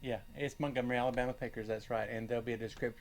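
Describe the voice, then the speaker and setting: An older man hosting his own channel, chatting casually about his finds and rambling with many pauses and fillers. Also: medium pitch, fairly even intonation. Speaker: channel host and reseller. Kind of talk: casual chat.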